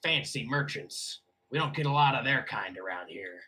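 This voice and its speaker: A man voicing a gruff, rude male bartender in a tavern, speaking in a sneering drawl. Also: mid-range voice, animated, normal speed, pushed and bright, low-quality recording.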